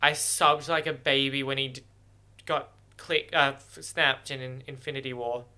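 Bright, clear man reacting to a film. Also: medium pitch, flat delivery, moderate pace. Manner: emotional, exclaiming, thinking aloud. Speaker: movie reactor. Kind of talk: first-watch movie reaction commentary.

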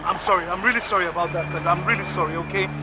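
A man's voice: high-pitched, very fast, natural voice. A young man playing a desperate man who keeps begging for money, repeating himself. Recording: loud film soundtrack music.

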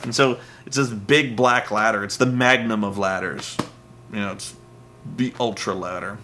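A man's voice: lowish voice, fairly even intonation, normal speed, sharp tone, slight background noise. A man giving a casual, sarcastic comedy recap of a wrestling show, ranting and poking fun. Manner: sarcastic, ranting, mocks wrestlers with silly voices.

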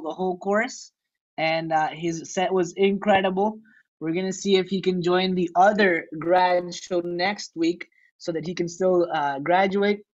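Male MC, upbeat and rambling, on slightly dull lo-fi video call audio. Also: sits high. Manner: enthusiastic, rambling with restarts. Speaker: MC of a comedy workshop show. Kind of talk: hosting an online show.

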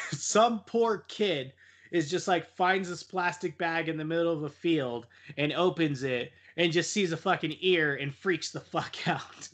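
A man's voice: fairly high pitch, a little slow, a bit bright. A young man on a casual podcast, retelling a horror film in a rambling, profane way and laughing often. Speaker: podcast co-host.

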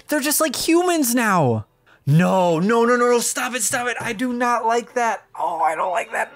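A woman giving casual gameplay commentary as a video game presenter, reacting aloud in an excitable way and laughing often. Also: on the high side, moderate pace, no room sound.

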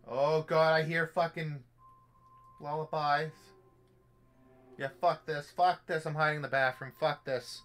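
A man's voice: on the high side, fairly even intonation, measured pace, pauses often, a bit bright. A young man giving live commentary on a virtual reality horror game, jumpy and jokey, swearing as he talks to himself. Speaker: gameplay streamer. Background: faint game music.

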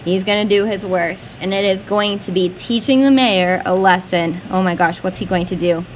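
A woman teacher annotating a poem for her class in a lively, chatty way, asking questions as she goes. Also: medium pitch, moderate pace, slight background noise, poor audio.

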